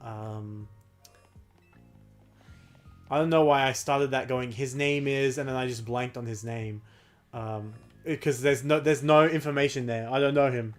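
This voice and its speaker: A man's voice: mid-range voice, steady tone, unhurried, long pauses, faint music behind. Rambling man streaming casually. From Australia. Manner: rambling, self-deprecating, laughs often. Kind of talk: casual livestream chat while gaming.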